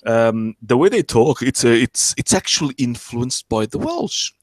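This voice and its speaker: A man chatting casually on a stream, pausing often to search for words. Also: mid-range voice, very animated, dry recording. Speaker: stream participant. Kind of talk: casual chat.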